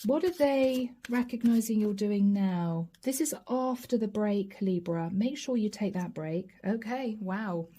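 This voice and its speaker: A woman giving a channeled tarot reading to camera, gentle and encouraging, speaking straight to her viewers and breaking into soft laughs. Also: mid-range voice, measured pace, few pauses. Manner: often breaks into light laughs and soft asides. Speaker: tarot reader.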